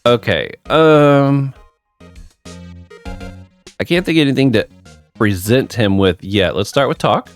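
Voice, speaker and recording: A man's voice: medium pitch, animated, slow, pauses often, faint music behind. A man hosting a let's play, casually thinking aloud with ums as he plays. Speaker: gaming channel host.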